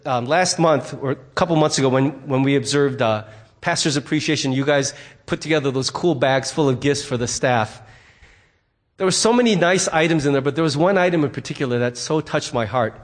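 Earnest, emphatic male pastor preaching. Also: a little high. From United States. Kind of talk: sermon.

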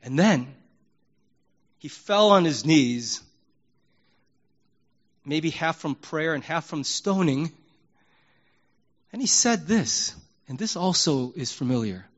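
Animated male pastor, slightly high voice. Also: slow pace, pauses often, lo-fi sound. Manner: animated, emphatic preaching that swings between loud and hushed; conversational and candid, acts out prayers in his own voice. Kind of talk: sermon.

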